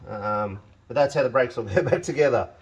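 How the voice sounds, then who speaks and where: A man's voice: medium pitch, a little fast, slightly rough, dull audio. A man working on his truck in his shed and thinking aloud. He talks to the parts as he goes, wry and grumbling, and often pokes fun at himself. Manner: wry, grumbling, self-mocking. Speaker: home mechanic and channel host. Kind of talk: casual workshop vlog, thinking aloud. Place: home shed or garage.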